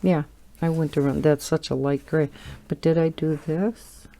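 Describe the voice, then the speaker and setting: Middle-aged woman from Wisconsin with a local accent, relaxed drawn-out chat, soft mellow voice, laughs easily. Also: low voice, a little hiss or hum. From Wisconsin, USA. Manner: chatty, rambling, laughs often. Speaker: coloring channel host. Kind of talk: casual chat while coloring.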